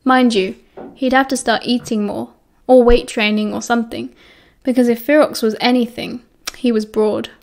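A woman with a British accent reading an audiobook in steady, even narration. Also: fairly high pitch, moderate pace. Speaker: audiobook reader. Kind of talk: fan fiction audiobook narration.

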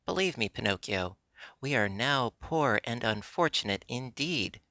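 A man's voice: medium pitch, animated, a little slow, pushed and bright, dry recording, clean studio sound. A man voicing an old, mangy, sly male fox who whines for charity, in a storybook reading. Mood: whining.

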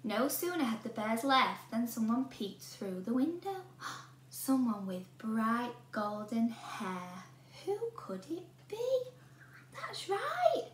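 Animated woman teacher reading a storybook. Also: on the high side, slow pace. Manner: animated, asks the listener questions. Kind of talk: reading a storybook aloud to children. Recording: roomy room with a faint hum.

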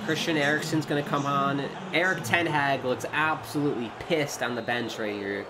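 A man giving casual play-by-play commentary while playing a football video game, excitable and prone to shouting when chances come. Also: medium pitch, normal speed, noisy background. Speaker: gaming YouTuber.

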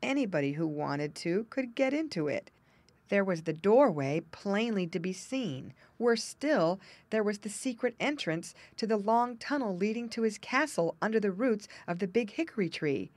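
Expressive woman reading a children's story. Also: medium pitch, normal speed, dry recording. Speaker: audiobook narrator.

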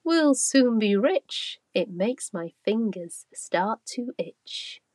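A woman's voice: on the high side, very animated, takes it slowly, darkish tone, no echo, clean studio sound, exaggerated voice. A woman voicing a lanky, greedy male thief who whines.

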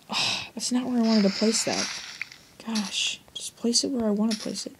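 A young woman doing a let's play gives rambling, jokey commentary on her own gameplay and addresses her viewers directly. Her fairly high voice is fairly even in intonation and moderately paced, with a noisy background.

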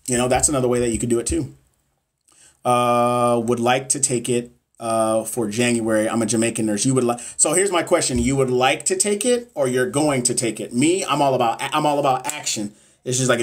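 A man in mid-pitch hosting a casual livestream as a nursing exam coach. He talks bluntly and swears freely while pushing his viewers to take action. His tone is motivational and direct.

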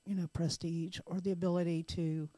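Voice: mid-range voice, little pitch movement, fairly quick, mellow, no room sound. Earnest podcast host, dry close sound. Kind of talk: casual podcast talk.

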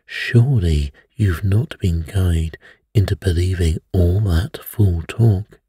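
A man's voice: low voice, slow, dark tone, husky, dry recording, exaggerated voice. A man reading as a blunt, emphatic doctor. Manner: emphatic, dismissive.

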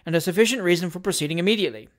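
A pompous, meddling gentleman from a classic novel, as a reader plays him, fussy and self-important. He argues points of form with pedantic indignation. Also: medium pitch, racing, natural voice. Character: pompous meddling old-fashioned gentleman second. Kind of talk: audiobook reading of a classic novel.

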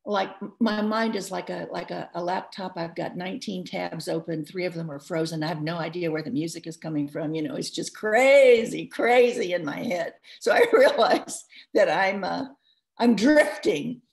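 A woman author giving advice in a live interview, talking in a lively, rambling way full of restarts and asides. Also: lowish voice, moderate pace, gravelly. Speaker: author discussing her book.

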